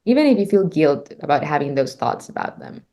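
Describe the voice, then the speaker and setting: Lively laughing healing coach woman. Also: sits low, brisk. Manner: encouraging, bursts into laughter, swears casually. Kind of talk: guiding a client session.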